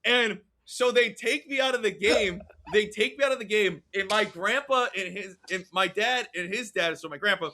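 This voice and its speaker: High, bright-voiced man telling a story. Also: normal speed, hardly any pauses. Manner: animated storyteller, acts out voices and yells. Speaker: podcast co-host. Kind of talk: casual sports-betting podcast chat.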